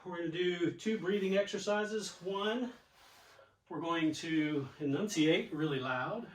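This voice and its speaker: A man's voice: high-pitched, unhurried. A man leading a yoga and exercise class, chatty and encouraging as he talks through each cue. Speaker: yoga and fitness instructor. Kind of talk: guided exercise instruction. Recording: echoey room, mic at a distance.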